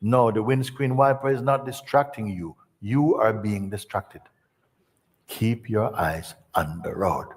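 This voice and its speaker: A man voicing a calm, firm male driving instructor who speaks slowly and steadily. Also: medium pitch, long reverb tail, voice pushed up, lightly acted. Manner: slow, steady, insistent.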